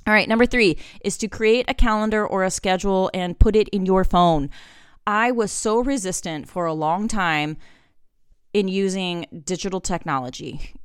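Chatty woman with a smooth voice. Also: mid-range voice, moderate pace, no room sound, clean studio sound. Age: 40s. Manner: chatty, candid parenting advice with acted-out dialogue. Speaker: podcast host. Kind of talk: solo podcast talk.

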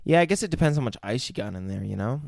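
A man's voice: medium pitch, expressive, very fast, vocal fry, a little mellow, dry recording, studio quality. A man co-hosting a casual podcast, recapping a film in a rambling, swear-laden way. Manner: rambling, swears often, hesitant restarts. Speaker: podcast co-host.

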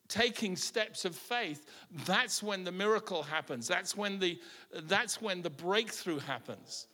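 Bright-voiced man preaching in an echoey hall. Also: high-pitched. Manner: impassioned, repeats words when starting lines. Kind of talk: sermon.

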